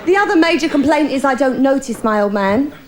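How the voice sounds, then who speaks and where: A woman's voice: high voice, animated, brisk, background noise. A woman performing a bawdy, confiding stand-up routine, talking directly to the audience. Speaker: stand-up comedian.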